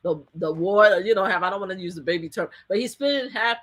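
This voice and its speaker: A woman guest, a survivor advocate, tells a story in an animated interview. She laughs often and acts out what people said. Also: mid-range voice, quick pace.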